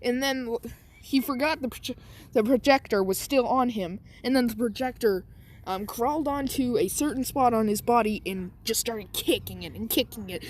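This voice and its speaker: A woman's voice: on the high side, moderate pace, darkish tone, a little hiss or hum. A woman casually telling a made-up fan story, rambling with many fillers. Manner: rambling, lots of "like" and "um".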